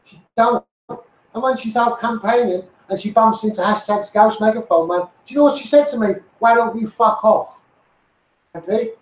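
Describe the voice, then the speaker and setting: A man's voice: high-pitched, a little fast. A middle-aged man with a Liverpool accent, delivering a blunt, sweary, heated political rant as a street campaigner. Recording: roomy echoey sound.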